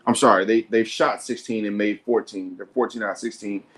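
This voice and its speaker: A man's voice: fairly low pitch, fairly quick. Guy doing live hoops commentary on his own sports show, gets worked up, says stuff twice. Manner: excitable, repeats himself.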